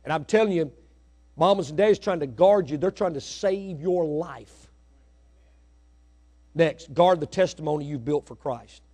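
Fiery preacher, high voice. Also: male voice, measured pace, pauses often. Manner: swings from hushed asides to shouted, rising exhortation. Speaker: pastor. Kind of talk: sermon. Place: church sanctuary.

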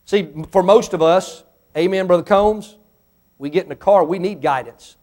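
A man preaching a sermon as pastor in a church, with sudden swells in pitch and volume, acting out questions from imagined listeners. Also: normal speed, darkish tone.

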